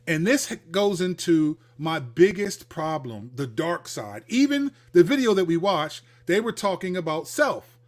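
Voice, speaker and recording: A man hosting a livestreamed Christian teaching talk, speaking in an animated, conversational way and acting out the people he quotes. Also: on the high side, unhurried. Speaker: host, Christian counselor.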